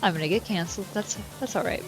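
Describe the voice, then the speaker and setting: A woman's voice: mid-range voice, fast talker, over music, low-quality recording. Giggly woman streaming a game. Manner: giggly, chatty, swears freely, greets chat. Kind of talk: casual live-stream commentary.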